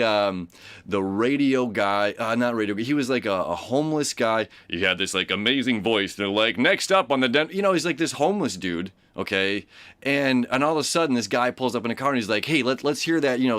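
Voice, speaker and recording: A man's voice: mid-range voice, a bit bright, no room sound. Casual male astrology host, chatty and rambling, mid-range voice, dry close sound. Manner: rambling, with many fillers and asides; acts out quoted voices. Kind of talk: casual daily horoscope talk.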